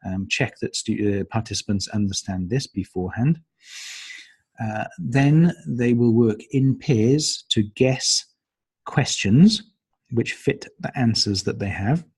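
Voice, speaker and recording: A male teacher trainer walks other trainers through the stages of a lesson plan, hesitating often with plenty of ums and uhs. His medium-pitched voice is expressive, slow, darkish, and slightly breathy.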